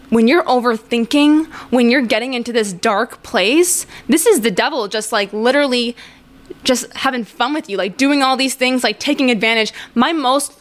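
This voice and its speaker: A woman's voice: a little high, fairly bright tone. A woman in her twenties hosting a podcast, talking in a rambling, candid monologue full of "like". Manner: rambling and candid, heavy use of "like". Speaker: podcast host. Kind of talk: casual monologue.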